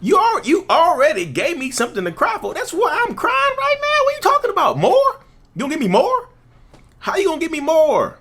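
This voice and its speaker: A man doing a shrill, tearful victim who fires back in exasperated protest. The voice jumps far above his own and races. The protest keeps its high, indignant edge. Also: huge pitch swings, fairly quick, fairly bright tone, heavily acted.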